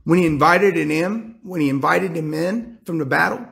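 A man preaches with a high, gravelly voice. His delivery is emphatic, and he leans on rhetorical questions to press each point. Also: moderate pace, a bit bright. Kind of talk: sermon.

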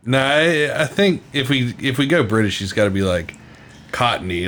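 A man's voice: mid-range voice, moderate pace, fairly bright tone, slight background noise. A man co-hosting a podcast, making crude jokes and playing around with silly voices in casual chat. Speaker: podcast co-host.

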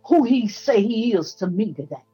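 A woman's voice: fairly high pitch, expressive, normal speed, dark tone, soft background music, low-quality recording. A woman preacher from Georgia, giving a fervent, rhythmic testimony with repetitions, her voice teary and breaking at times. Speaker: apostle, guest preacher.

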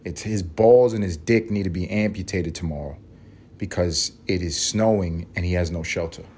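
A man's voice: low-pitched, normal speed, a little mellow, a little hiss or hum. Profane, rambling man hosting a podcast. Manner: crude, profane, joking rants. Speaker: podcast host. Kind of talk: rambling solo podcast monologue. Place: at home.

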